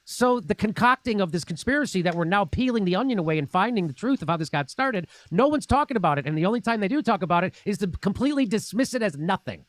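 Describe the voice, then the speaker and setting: A man's voice: high-pitched, animated, quick pace, hardly any pauses, no room sound. A man hosting a political commentary show, talking in a sarcastic, combative way. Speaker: show host.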